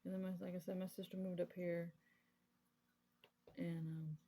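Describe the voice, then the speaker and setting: A woman's voice: on the low side, flat delivery, moderate pace, dark tone, rough recording. A woman in her thirties casually telling a candid, rambling personal story, full of fillers, while crafting at her desk. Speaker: crafting vlogger.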